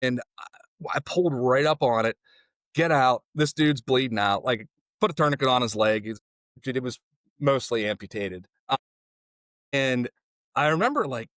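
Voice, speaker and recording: Man, paramedic guest, casual storytelling, animated, dry close sound. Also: mid-range voice, moderate pace, pauses often, no room sound. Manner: animated, filler-heavy, lots of "like".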